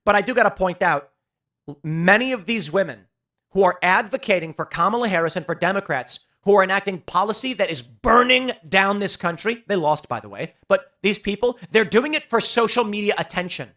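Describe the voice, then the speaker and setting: A man's voice: sits high, lively intonation, a little fast, pushed and bright. A man hosting a political commentary show, talking in an emphatic, sarcastic ranting way. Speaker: host.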